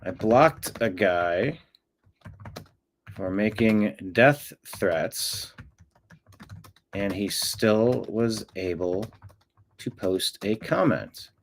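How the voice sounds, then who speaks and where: A man's voice: fairly low pitch, drawn-out words, pauses often, a little hiss or hum. A man hosting a live-stream show, muttering to himself as he fixes settings and breaking into profane, confrontational demands aimed at a commenter. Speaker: livestream show host.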